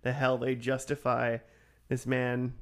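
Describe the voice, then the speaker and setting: A man's voice: medium pitch, completely flat delivery, a little slow, crowd noise. A young man co-hosting a podcast in casual chat, rambling with many fillers and restarts. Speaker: podcast co-host.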